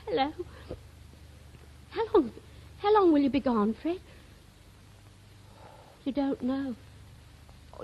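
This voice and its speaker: An actress playing a young woman on the telephone to her sailor sweetheart, clingy and jealous, chattering breathlessly in a 1930s radio comedy. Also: high-pitched. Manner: breathless one-sided phone chatter, fretful and pleading. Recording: dull old radio archive recording.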